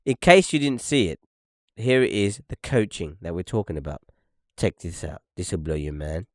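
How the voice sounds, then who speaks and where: A man's voice: low voice, lively intonation, normal speed, no echo, clean studio sound. A young man hosting a podcast, ranting and swearing as he comments on video clips, repeating "look" and "okay". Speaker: podcast host.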